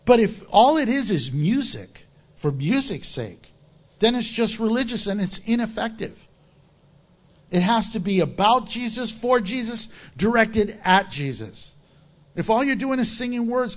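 A male pastor preaching a sermon, reading scripture aloud and acting out crowd voices in an animated way. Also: high-pitched.

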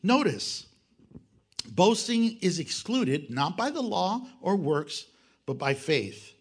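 A man preaching a sermon, animated, acting out quoted voices and swinging between loud and soft. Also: sits high, slow pace, husky. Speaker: pastor.

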